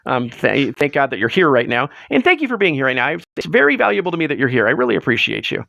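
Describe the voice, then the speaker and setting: A man hosting a live show in casual chat, rambling and excitable as he tells stories, swearing freely, on a close mic. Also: medium pitch, fast, creaky, dry recording, highs cut off. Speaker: livestream host.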